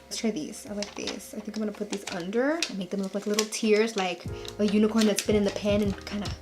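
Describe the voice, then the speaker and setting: A young woman chatting casually through a makeup tutorial, bubbly and jokey, gasping with excitement over her products. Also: mid-range voice, fast talker, music in the background. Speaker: makeup vlogger.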